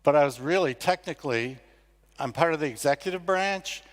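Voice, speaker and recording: A man's voice: fairly high pitch, lively intonation, brisk. Older man speaking in a reverberant hall. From United States. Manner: conversational, self-deprecating storytelling. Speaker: award ceremony speaker, competition founder. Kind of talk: conference speech. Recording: long reverb of a large hall.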